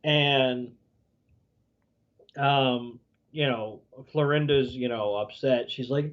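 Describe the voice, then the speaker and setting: A man's voice: mid-range voice, slow, long pauses, highs cut off. A man co-hosting a podcast, recapping a cartoon episode in rambling casual chat full of "you know", swearing now and then. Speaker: podcast co-host.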